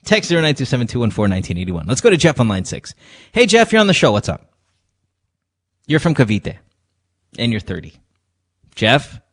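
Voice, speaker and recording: A man's voice: mid-range voice, sing-song, fairly quick, pauses often. A man hosting a radio call-in show, talking loosely with laughter and profanity. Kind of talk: casual late-night call-in talk. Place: radio studio.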